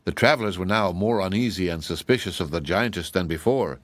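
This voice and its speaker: A man narrating a classic children's fantasy audiobook in a measured storytelling manner. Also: deep voice, a bit bright, dry recording. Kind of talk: scripted narration.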